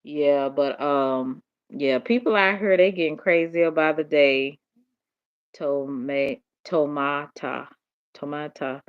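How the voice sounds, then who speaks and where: Southern woman livestreamer, drowsy, slow and low, dull lo-fi audio. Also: smooth. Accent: Southern US, Dallas. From Tennessee. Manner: drowsy, drawling, laughs often. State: sleepy. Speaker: livestream host. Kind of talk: late-night casual chat reading comments.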